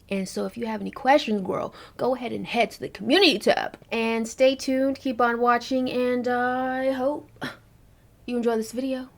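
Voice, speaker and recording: Sassy, chatty woman vlogger with a higher voice. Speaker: beauty vlogger. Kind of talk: casual beauty vlog.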